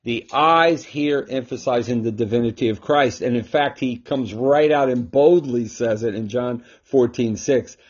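Male host and Bible teacher, husky timbre, mid-pitched, emphatic, dull home recording. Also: a little slow, few pauses. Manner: emphatic, with frequent rhetorical "right?". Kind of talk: casual scripture teaching talk.

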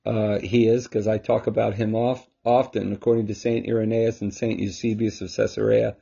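Husky-voiced man teaching Scripture at home. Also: lowish voice, flat delivery, moderate pace, mellow. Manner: emphatic, with frequent rhetorical "right?". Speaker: host and Bible teacher. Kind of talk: casual scripture teaching talk. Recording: dull lo-fi recording.

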